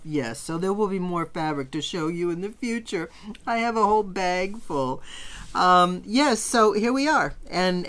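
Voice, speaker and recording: A middle-aged woman giving a casual quilting tutorial, chatty and enthusiastic, gushing over her fabrics as she works. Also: fairly low pitch. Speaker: quilting teacher.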